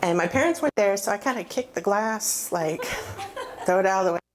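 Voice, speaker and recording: A woman's voice: mid-range voice, big pitch swings, a little fast, a little hiss or hum. A woman in her forties giving a personal testimony, candid and self-mocking as she tells her story. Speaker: recovery testimony speaker.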